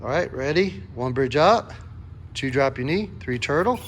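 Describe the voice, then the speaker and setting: A man's voice: medium pitch, expressive, normal speed. A man coaching a kids' jiu-jitsu class, calling out counts and encouraging a young helper. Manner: upbeat, encouraging, calls out counts.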